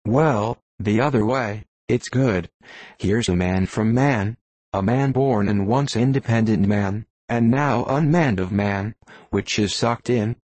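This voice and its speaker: A man's voice: on the low side, slow, darkish tone, dry recording. A man reading as an old muttering sailor. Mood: musing. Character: old superstitious male sailor, gruff.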